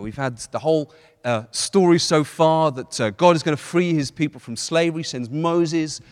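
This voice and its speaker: Male pastor preaching in a reverberant hall. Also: a little high. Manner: relaxed, chatty asides between scripture readings. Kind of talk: sermon. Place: church hall. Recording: long reverb of a church hall.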